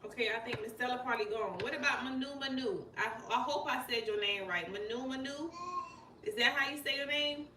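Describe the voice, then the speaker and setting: A woman's voice: on the high side, brisk, pushed and bright. Chatty woman tarot reader live on stream. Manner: informal, addresses viewers as y'all, chatty and direct. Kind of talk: casual live-stream chat. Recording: echoey room, mic at a distance, clear background noise.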